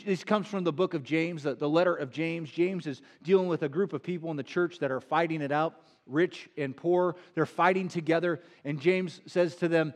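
A middle-aged male pastor delivering a sermon in a slightly high voice. He is earnest and emphatic, and he leans on repetition. He slows right down to draw out the phrases he wants to land. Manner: earnest, emphatic preaching with slow drawn-out key phrases and repetition.

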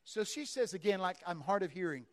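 A man preaching a charismatic healing sermon and praying, fervent and emphatic, telling stories with loud exclamations. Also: high voice, animated, brisk.

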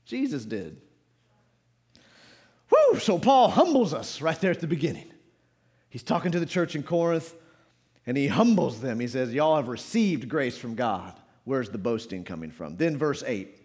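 A man preaching a sermon in a church, swinging between loud shouts and quiet low asides. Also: big pitch swings, normal speed. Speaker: pastor. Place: church sanctuary.

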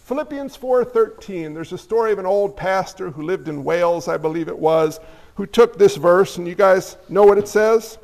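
A man with a high voice preaches in a relaxed, conversational way, slipping in jokey asides and acting out little exchanges. His words ring out with the long echo of a church hall. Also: normal speed, vocal fry. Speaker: pastor. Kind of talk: casual sermon.

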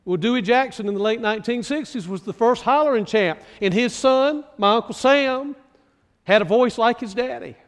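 A male pastor from North Carolina preaching a sermon, slow and deliberate, asking his listeners many questions. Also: extremely high pitch, in a large hall.

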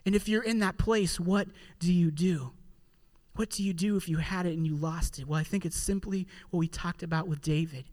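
A man with a high voice delivers an earnest sermon. He talks like he is chatting with the congregation and slows right down when he reads scripture. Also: steady tone, darkish tone. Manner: earnest, conversational preaching with slowed, drawn-out scripture reading. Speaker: pastor.

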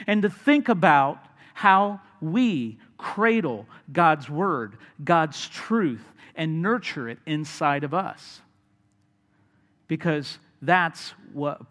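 Slow-paced male preacher in a reverberant hall. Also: on the high side. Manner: earnest, builds to animated storytelling with acted voices. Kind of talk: sermon.

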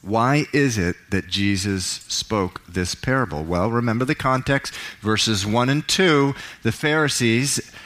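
A man, a pastor, preaching a sermon in church, reading scripture with dramatic swells and hushed drops. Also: medium pitch. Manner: dramatic, swells up on key words and drops to a hush.

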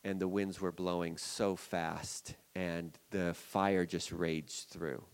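A man, a pastor, preaching a sermon in an animated way, swinging from loud emphasis to quiet, low asides. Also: slow, clean tone.

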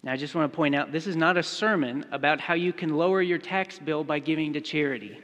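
A man's voice: a little high, fast, fairly bright tone, in a large hall. A man preaching a sermon, telling a story and speaking its quoted lines in his own voice. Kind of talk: sermon with acted-out illustration.

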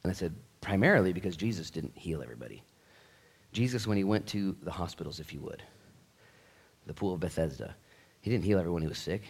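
A man preaching a sermon at a church service in a jokey, conversational way, swinging from quiet asides to loud, excited bursts. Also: sits low, quick pace, vocal fry, pauses often, husky. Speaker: pastor.

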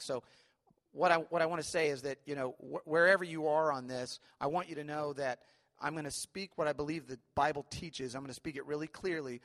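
A man's voice: on the high side, a bit bright. Earnest male pastor in a reverberant hall. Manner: conversational, earnest, frequent fillers and check-ins. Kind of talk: sermon. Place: church sanctuary.

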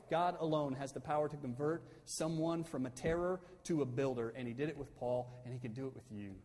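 A man preaching a sermon in a church sanctuary, his voice at an ordinary pitch for a man. He builds to loud, emphatic peaks and then falls back to a soft, intimate tone. A long reverb from the hall trails behind his words. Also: breathy edge. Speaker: pastor.

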